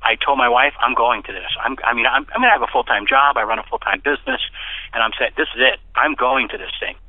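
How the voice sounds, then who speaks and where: An excited man, an interview guest, shares personal testimony in casual conversation, talking fast over a dry, tinny phone-like line. He's an animated storyteller who breaks into excited, high-pitched quoted speech.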